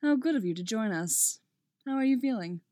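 A woman voicing a cold, menacing older male count, measured and calm, in a dry recording. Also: a little high, no echo, natural voice. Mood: cool.

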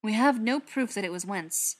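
A woman reading an audiobook, voicing a male gang leader who talks in a sharp, firm, impatient way. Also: mid-range voice, normal speed, natural voice.

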